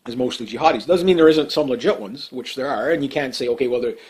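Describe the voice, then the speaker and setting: A man's voice: medium pitch, quick pace, darkish tone. Rambling man ranting on politics. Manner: rambling, heated, lots of fillers and restarts. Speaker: political commentator. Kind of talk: casual monologue commentary.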